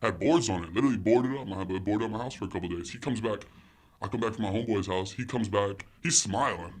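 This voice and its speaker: Give me a young man, rattling off casual chat at a quick clip. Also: lowish voice. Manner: loose, profane, heavy on fillers. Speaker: podcast guest.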